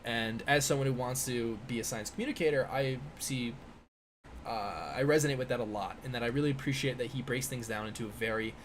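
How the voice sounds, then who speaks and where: A man's voice: medium pitch, fairly quick, slight background noise. A man in his twenties from the United States, hosting a casual live-stream Q&A and reading chat questions aloud. He rambles, with many fillers and restarts. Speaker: live-stream host, physics PhD student. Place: indoor room with a window.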